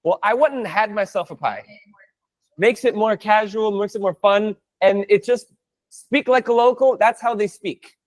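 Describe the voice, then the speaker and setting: A man's voice: high-pitched, measured pace. A man teaching a live online Spanish class, playful and chatty, breaking down jokes and phrases for his students.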